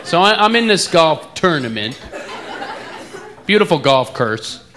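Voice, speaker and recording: A man's voice: a little high, very animated, unhurried. A man with an East Coast American accent telling a playful, self-mocking stand-up story. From eastern United States. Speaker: stand-up comedian. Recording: live club with loud crowd noise.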